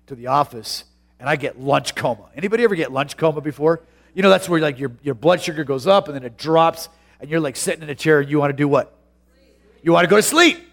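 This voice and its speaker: A pastor preaching a sermon, moving from a chatty, personal tone into loud, drawn-out emphasis. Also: male voice, on the high side, gravelly.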